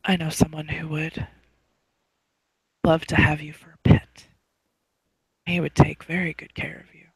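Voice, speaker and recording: A man's voice: a little high, level tone, measured pace, creaky, long pauses, breathy edge, no room sound, full character voice. Rose, a whispering cruel captor, put on by a man. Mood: menacing whisper. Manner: soft, menacingly affectionate whisper. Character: cruel, possessive female captor, coldly tender. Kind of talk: whispered role-play.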